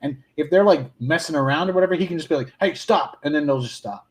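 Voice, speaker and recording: A man's voice: a little high, quick pace, a little mellow. A man chatting casually on a podcast, crude and joking, laughing often.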